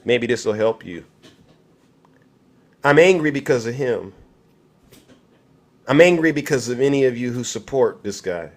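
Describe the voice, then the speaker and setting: A man's voice: medium pitch, lively intonation, a little slow, pauses often. A man hosting a livestream, giving heated political commentary and answering his chat directly in an angry tone. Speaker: livestream host.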